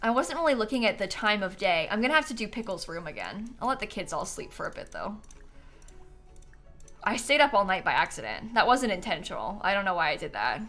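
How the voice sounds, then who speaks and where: A woman's voice: medium pitch, very animated, brisk, a bit bright, soft background music. A woman chatting casually on a live stream while she plays a life-sim game, giggling often and answering questions from chat.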